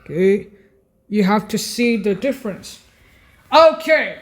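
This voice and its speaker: A woman explaining keyboard voice settings in a casual way, halting and often correcting herself and apologizing. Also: medium pitch, animated. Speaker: keyboard instructor.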